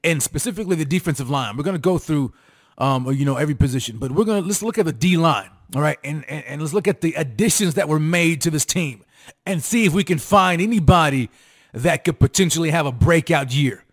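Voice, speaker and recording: A man's voice: on the high side, expressive, fairly quick. A man hosting a sports talk show, hyped and repetitive, with sing-song emphasis as he calls out to his fans. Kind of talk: fired-up sports commentary to fans.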